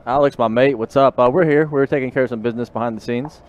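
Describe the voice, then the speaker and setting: A man's voice: mid-range voice, steady tone, quick pace, a little mellow, dull audio. A man commentating a live poker stream in casual chat, talking in a glum, repetitive, rueful way. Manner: glum, repetitive, rueful about a sports loss.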